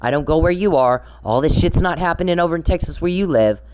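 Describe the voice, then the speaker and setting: A woman's voice: low-pitched, lively intonation, fast talker, darkish tone, clean tone, rough recording. Woman ranting confrontationally. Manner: confrontational, repetitive, swearing. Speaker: podcaster. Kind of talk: angry monologue addressed to one person.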